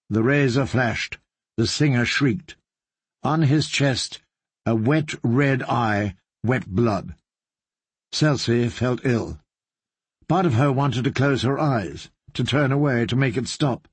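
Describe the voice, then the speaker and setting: A man narrating a dark story in a measured, grave way. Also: medium pitch, slightly rough, dry recording. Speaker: audiobook narrator. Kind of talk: scripted narration.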